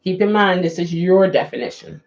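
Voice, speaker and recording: A woman's voice: fairly low pitch, animated, a little fast, darkish tone, lo-fi sound. A woman hosting a casual livestream, chatting with viewers and coaxing them to answer her questions. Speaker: livestream host.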